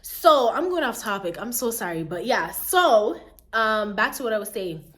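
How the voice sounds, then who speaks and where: Chatty, high-voiced woman. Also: normal speed. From Jamaica. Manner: chatty, animated, keeps asking "you get what I mean". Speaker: vlogger. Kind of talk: casual storytime chat.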